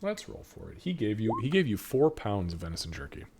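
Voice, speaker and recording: Low-voiced game master, casual. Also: male voice, sing-song, a little fast, noisy background. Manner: casual, filler-heavy narration. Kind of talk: narrating a tabletop game on a live stream.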